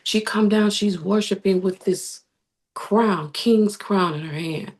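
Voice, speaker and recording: Woman guest, middle pitch, animated storyteller who acts out quotes. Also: takes it slowly. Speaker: interview guest. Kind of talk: conversational storytelling.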